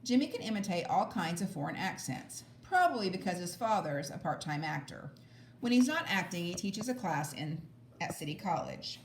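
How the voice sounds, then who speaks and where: A woman reading a children's book aloud, lively and expressive with small stumbles. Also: on the low side, normal speed, echoey room, slight background noise. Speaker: audiobook reader. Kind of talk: storybook read-aloud.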